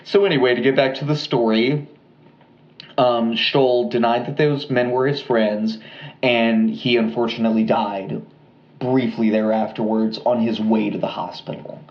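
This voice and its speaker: A man co-hosting a podcast, telling a true-crime story in a casual, relaxed way with lots of fillers and asides. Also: medium pitch, unhurried, echoey room, dull audio. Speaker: podcast co-host.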